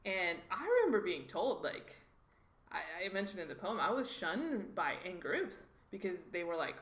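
Animated woman telling stories. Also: on the low side, moderate pace. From Mexico. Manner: animated, acts out quoted voices. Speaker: guest. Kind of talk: conversational storytelling. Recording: roomy echoey room.

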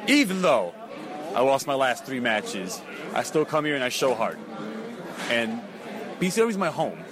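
A man's voice: mid-range voice, very animated, moderate pace. Man from the Bronx, wrestler, earnest, rambling, crowd noise behind. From the Bronx, New York. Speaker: pro wrestler. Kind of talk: post-match interview.

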